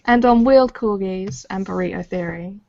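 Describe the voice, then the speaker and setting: A woman's voice: mid-range voice, vocal fry, darkish tone, lo-fi sound. A British woman co-hosting a podcast, chatting casually and laughing often. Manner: giggly, quick to laugh. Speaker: podcast co-host. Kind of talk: casual chat.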